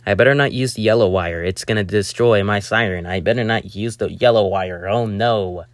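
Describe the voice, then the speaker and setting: A man's voice: on the low side, normal speed, no room sound. Young man, casual build narration, rambling, talks to himself, dry close sound. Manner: rambling, talks to himself while working, excitable outbursts. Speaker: hobby builder narrating a craft video.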